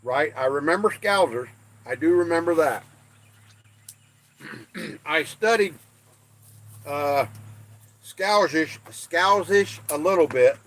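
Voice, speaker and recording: Older guy from out west on his livestream, folksy, reading chat, kinda high-pitched, takes his time. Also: slow pace, pauses often, fairly bright tone. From American West. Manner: folksy, self-deprecating, reads chat aloud. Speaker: livestream host. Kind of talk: casual chat with live chat viewers.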